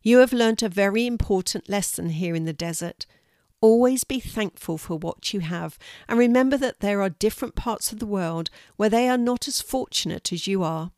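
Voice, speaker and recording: A woman's voice: medium pitch, normal speed, darkish tone, no echo, studio quality, close to an everyday voice. A woman voicing a kindly female guide in a children's story, patiently explaining things in a teacherly way. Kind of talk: storybook reading.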